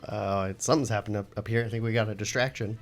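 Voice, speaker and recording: A man with a lowish voice playing a tabletop game, talking through plans with hesitant restarts. Soft music plays behind him. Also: steady tone, fast. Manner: practical, planning, hesitant restarts. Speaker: player. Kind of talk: casual play at a tabletop game.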